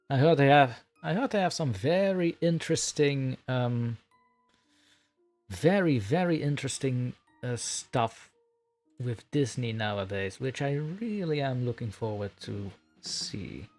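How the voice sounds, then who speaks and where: Male streamer, casual and giggly, middle pitch, faint music behind. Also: animated, a little slow, a little mellow. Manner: scattered, self-mocking, giggly, chatty. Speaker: streamer, horror story narrator. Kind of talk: casual live-stream chat.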